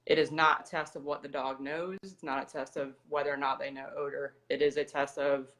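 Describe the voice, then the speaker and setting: A woman's voice: extremely low pitch, level tone, fairly quick, a bit bright. A young woman with an American accent, a dog trainer talking as an interview guest in a matter-of-fact, explanatory way. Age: young adult. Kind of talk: casual interview talk.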